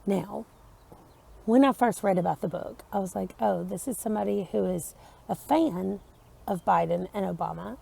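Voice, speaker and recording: A woman chatting casually to camera about a book, indoors in the early morning, in an unhurried way. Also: mid-range voice, creaky, warm tone, slightly rough. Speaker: book vlogger. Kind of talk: casual vlog chat to camera.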